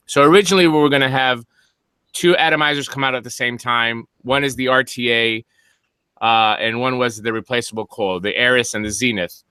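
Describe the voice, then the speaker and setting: Bright, crisp-voiced male podcast co-host. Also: mid-range voice, fairly even intonation, fairly quick, no echo. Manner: explains hardware in detail, teasing banter. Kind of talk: casual podcast chat.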